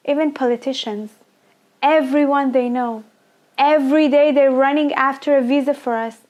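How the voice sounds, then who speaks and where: A woman tells her life story as a dramatic monologue in a high voice. She speaks slowly and haltingly, voicing the fears of her younger self. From Iran. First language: Persian. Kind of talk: dramatic first-person monologue.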